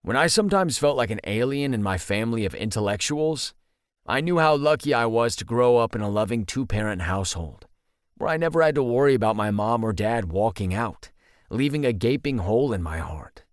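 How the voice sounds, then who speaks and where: Male audiobook narrator, mid-pitched, steady first-person read, dry booth sound. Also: fairly quick, no echo.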